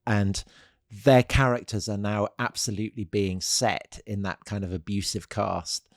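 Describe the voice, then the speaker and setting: A man's voice: lowish voice, steady tone, unhurried, no echo. A man co-hosting a history podcast, chiming in with asides and dry quips. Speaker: podcast co-host. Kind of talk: conversational history chat.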